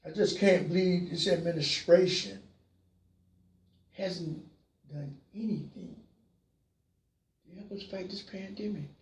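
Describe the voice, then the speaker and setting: A talk show host delivering a passionate call-in monologue, repeating phrases and swinging from low murmurs to shouts. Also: slow pace, pauses often, distant mic, slight background noise. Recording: roomy sound, voice from away from the mic.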